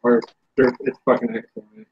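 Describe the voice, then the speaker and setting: A man's voice: mid-range voice, very animated, moderate pace, gravelly, breathy edge. A man hosting a casual chat about vaping gear, blunt and swearing freely, on a dull lo-fi recording. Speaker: vaping show host.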